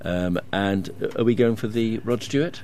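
A lower-pitched male radio presenter in a studio, with a faint hiss behind him. He chats casually and chuckles easily as he reads out listener messages. His delivery is relaxed and conversational. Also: normal speed.

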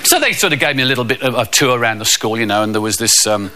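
A man doing a stand-up comedy routine, telling deadpan stories and putting on voices. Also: mid-range voice, rapid-fire, a loud crowd. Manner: deadpan anecdotal storytelling with character voices. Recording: loud background noise.

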